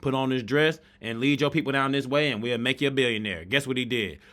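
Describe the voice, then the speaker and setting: Fired-up man ranting with slang. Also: fast. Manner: loud, preachy, street slang, swings from shouting to low asides. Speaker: podcast host reacting to videos. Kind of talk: fired-up reaction commentary.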